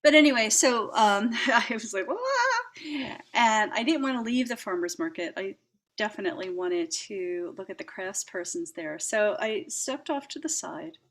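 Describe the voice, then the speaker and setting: Gentle woman sharing reflective personal talk. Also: medium pitch, expressive, normal speed. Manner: gentle, warm-hearted, laughs often, many fillers and restarts. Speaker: host.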